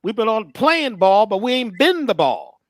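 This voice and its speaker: A man's voice that rises and falls a great deal, recorded dry and close. He speaks in a halting, stammering, preachy way as a guest at a spiritual workshop. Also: sits high, sing-song, no room sound.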